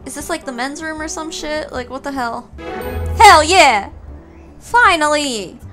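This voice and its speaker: A woman hosting a gaming channel, giving animated let's-play commentary and swearing and exclaiming at the game. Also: sits high.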